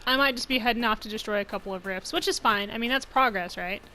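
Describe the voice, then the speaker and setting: Lady gamer chatting thru a let's play, jokey, laughs a lot, highish voice. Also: fast talker, sharp tone, slight background noise, rough recording. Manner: chatty, jokey, talks to viewers, laughs often. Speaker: gaming channel host.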